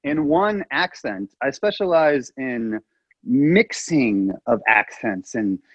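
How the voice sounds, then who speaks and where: A man co-hosting a comedy podcast in casual chat, laid back and quick to laugh. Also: medium pitch, animated, fairly bright tone, no echo, muffled recording. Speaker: podcast co-host.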